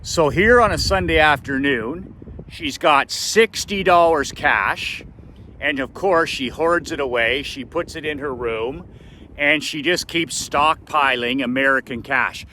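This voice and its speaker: Slow, bright-voiced man telling a story. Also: fairly high pitch, a little hiss or hum. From Canada. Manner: emphatic, repeats phrases for effect. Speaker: business coach. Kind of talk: casual storytelling vlog.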